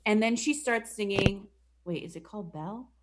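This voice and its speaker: A young woman casually retelling a movie plot for a comedy podcast. She swears a lot and keeps dropping into quick mock voices for the characters. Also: mid-range voice, noisy background. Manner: profane, animated, does mock voices for the characters.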